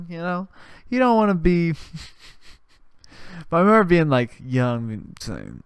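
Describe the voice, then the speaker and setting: A man's voice: medium pitch, brisk, smooth, dry recording, clean studio sound. Rambling, profane young man telling stories. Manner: rambling, profane, animated retellings with restarts. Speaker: podcast host. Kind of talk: casual storytelling monologue.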